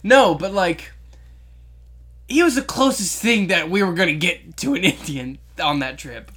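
Young adult, casual chat, bright voice, jokey and teasing. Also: mid-range voice, lively intonation, unhurried. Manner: teasing, jokey, interrupts with silly guesses.

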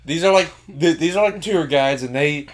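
Young man, slightly high voice, faint hiss. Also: moderate pace. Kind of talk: casual chat.

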